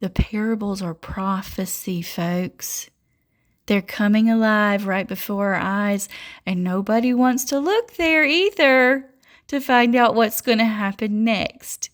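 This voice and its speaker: A woman's voice: medium pitch, slow. A woman, a self-described prophetess, giving a fervent religious monologue, scolding and mocking her listeners and laughing mid-sentence.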